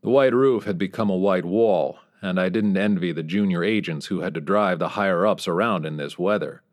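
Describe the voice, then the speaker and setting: A man narrating a first-person story in a wry, dry voice with dark humor. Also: low voice, normal speed. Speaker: audiobook narrator.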